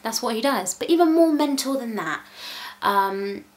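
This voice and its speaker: Chatty mum vlogging. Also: female voice, on the high side, expressive, normal speed. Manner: chatty, candid, self-mocking. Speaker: vlogger, mother. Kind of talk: casual parenting vlog.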